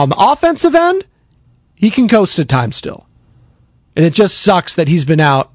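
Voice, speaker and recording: A male sports radio host whose voice sits a bit high and swings up when he gets worked up. He talks bluntly and casually, as if on a pregame show. The studio sound is close and dry. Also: dry recording. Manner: animated, blunt and conversational, reads viewer comments.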